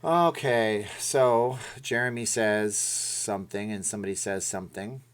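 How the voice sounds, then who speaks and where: A man's voice: on the low side, fairly even intonation, a little slow, clean tone. Chatty man hosting a live stream. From Canada. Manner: rambling, chatty, corrects himself often. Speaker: live stream host reading chat. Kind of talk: casual live stream chat.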